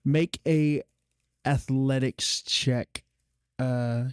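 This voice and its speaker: A man running a live-streamed tabletop game as game master, casual and profane with a slow, drawn-out narrating manner. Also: mid-range voice, fairly even intonation, smooth, no room sound, studio quality.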